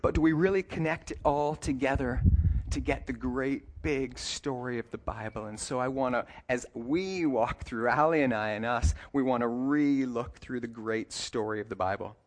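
A male pastor delivering a sermon at a middle pitch, loose and chatty, correcting himself mid-sentence and tossing in small jokes. When he reads scripture he slows right down and lingers on each phrase. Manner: conversational preaching with self-corrections and light humor; reads scripture passages slowly and deliberately.

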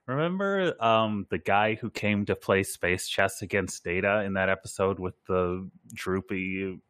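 Slow-talking low-voiced man. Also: a bit bright, clean tone, dry recording. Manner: dry, laid-back quips. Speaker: podcast co-host. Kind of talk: casual recap chat.

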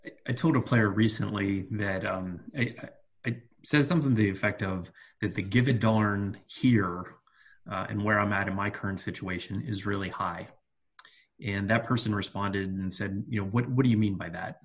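Guy cohosting a soccer coaching podcast, kinda husky, thoughtful, says um a lot. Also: lowish voice, moderate pace. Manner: earnest, reflective, many fillers and restarts. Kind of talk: casual podcast chat.

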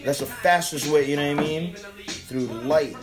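A man's voice: on the high side, moderate pace, music in the background, low-quality recording. A man chatting casually on a podcast, rambling and swearing constantly. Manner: profane, rambling, animated. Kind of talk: casual chat.

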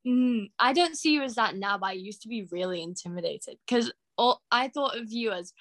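A young woman co-hosting a podcast over a call, soft-spoken, agreeable and a little hesitant. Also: a little high, normal speed, hardly any pauses, no echo. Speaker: podcast co-host. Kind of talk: casual chat.

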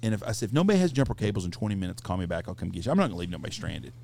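A middle-aged man hosts a casual podcast and tells a crude story full of swearing. His voice is gravelly, and his pitch swings widely as he talks. A faint hiss sits under the recording. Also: very fast. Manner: profane, animated anecdote-telling. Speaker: podcast host.

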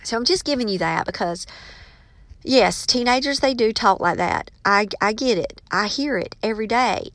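A woman's voice: medium pitch, no room sound. A woman, a teacher and author giving casual, emphatic advice and calling her listeners y'all.

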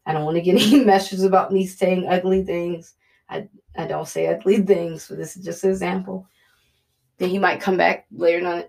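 A woman's voice: lowish voice, steady tone, normal speed, creaky, darkish tone. A woman giving an earnest, conversational devotional talk, often repeating her points. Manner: earnest, repetitive, conversational preaching. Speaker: preacher. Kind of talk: devotional teaching.

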